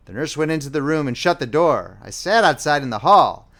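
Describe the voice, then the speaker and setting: A man reading a novel aloud as an audiobook narrator, in a plain, measured first-person style. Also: on the high side, expressive, fairly bright tone.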